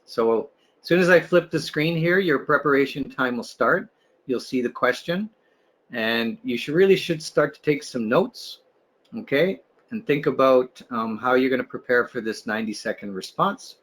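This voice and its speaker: A man runs an online test-prep webinar, talking through speaking tips one by one. His voice sits in a middle pitch range. He pads his explanations with "um" and "you know" and checks in with "right?". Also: fairly bright tone. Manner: explanatory, filler-heavy with restarts, asks "right?". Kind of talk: webinar teaching.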